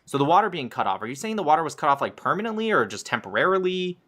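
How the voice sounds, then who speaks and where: Man, debater, heated, sarcastic, interrupting, bright forceful tone. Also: on the high side, sing-song, racing. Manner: combative, sarcastic, cuts in.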